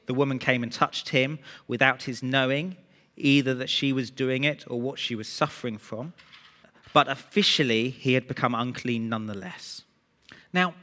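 Male pastor, mid-pitched, earnest sermon delivery, long hall reverb. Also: bright, forceful tone. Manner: earnest, rising emphasis on key words. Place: church hall.

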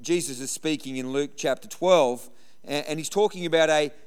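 Middle-aged man, sermon, storytelling, emphatic repetition, smooth clear voice. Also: a little high, moderate pace, in a large hall. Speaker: pastor.

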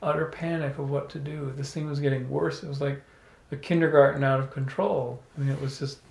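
A man telling a personal story to a small audience, animated, often laughing and restarting his words. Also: mid-range voice, fairly quick, gravelly. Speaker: salon speaker. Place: room with a small live audience. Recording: echoey room.

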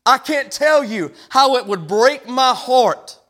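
High-voiced preaching pastor, emphatic. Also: male voice, lively intonation, slow pace, sharp tone. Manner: preaching with rising, emphatic declarations. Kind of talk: sermon.

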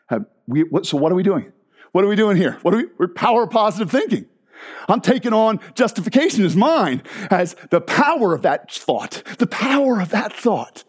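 A man preaching a sermon as pastor, animated and emphatic, with frequent restarts. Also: sits high, moderate pace, husky.

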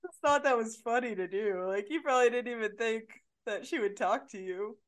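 A woman's voice: fairly high pitch, brisk. A woman co-hosting a podcast in casual chat, teasing and a bit hesitant. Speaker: podcast co-host.

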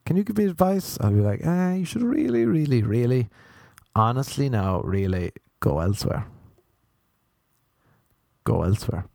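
An Irish man spins loose, self-mocking comic stories, circling back on his own words for laughs. His voice is mellow and on the darker side, recorded close and dry. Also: on the low side, no echo. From Ireland. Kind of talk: rambling comic storytelling.

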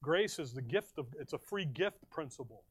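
A middle-aged man preaching a verse-by-verse sermon, swinging between loud emphasis and quiet asides. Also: a little high, lively intonation, normal speed, husky, no echo.

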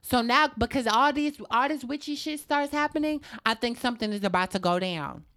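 A woman's voice: on the high side, fairly quick. A young adult woman telling a personal story in a casual interview, acting out the dialogue and swearing freely. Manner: animated, acts out quoted dialogue, swears freely.

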